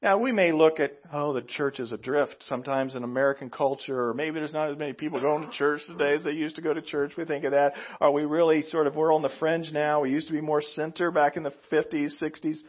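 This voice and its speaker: A man preaching a sermon as pastor, emphatic and animated, with sudden loud outbursts and slow, drawn-out phrases. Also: fairly high pitch, lo-fi sound.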